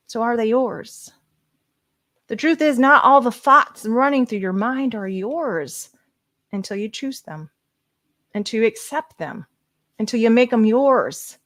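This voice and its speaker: A woman's voice: a little high, no room sound, studio quality. Woman giving a dramatic testimony speech. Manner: dramatic, swings from hushed whispers to raised voice. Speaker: motivational speaker. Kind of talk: emotional personal testimony speech. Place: conference stage.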